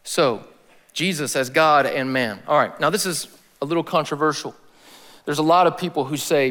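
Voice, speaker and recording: A man giving a sermon as a pastor, in a casual, slangy style with animated emphasis. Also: a little high, normal speed, in a large hall.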